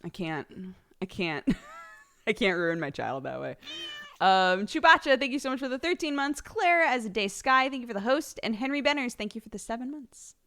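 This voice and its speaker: A young female streamer with a fairly high, slightly bright voice chats casually with her live viewers at a moderate pace. Bubbly and prone to giggles, she thanks subscribers by name.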